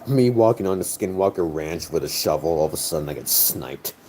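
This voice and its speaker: A man's voice: low voice, lively intonation, fairly quick, a little mellow, slight background noise. A tipsy man chatting casually on a stream, rambling, joking and swearing, his words slightly slurred. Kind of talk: casual chat.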